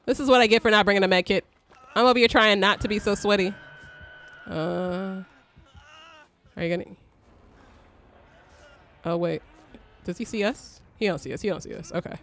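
A young woman giving excitable live commentary while playing a game, swearing, cheering on teammates and shrieking when chased. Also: mid-range voice, moderate pace, long pauses. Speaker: streamer.

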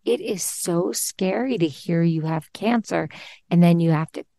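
A woman hosting a video-call conversation, talking in an earnest, encouraging way and gently giving advice. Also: on the low side, measured pace, gravelly, no room sound, clean studio sound. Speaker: host.

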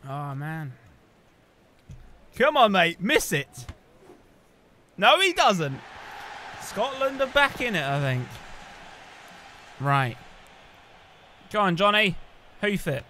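A young man giving excited live commentary while playing a video game, cheering and groaning at the screen. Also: high voice, takes it slowly, pauses often, a little hiss or hum. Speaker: gaming video host.

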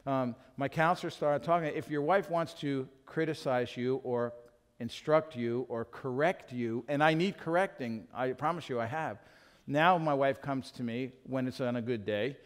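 A man's voice: medium pitch, moderate pace. A middle-aged man preaching a sermon as a pastor, candid and self-deprecating, acting out little talks with his wife. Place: church sanctuary. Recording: hall reverb from a church.

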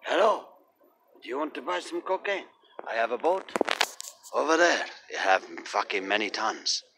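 A man's voice: medium pitch, big pitch swings, moderate pace, gravelly, voice pushed up. A man voicing a pushy male drug dealer in broken English with a mock Spanish accent, outdoors with faint traffic behind.

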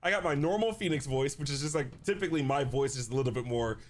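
A man's voice: medium pitch, fast. A young man doing casual let's play commentary, loose and slangy, laughing often. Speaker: streamer. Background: faint game music.

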